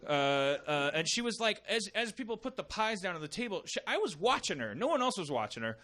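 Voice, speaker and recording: A bright, high-pitched man tearing into a comedic rant on a podcast, swearing freely. His voice swings wildly up and down as he slips into mocking impressions. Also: very animated, fast talker. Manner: profane, exasperated, bursts into high mocking voices. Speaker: podcast host.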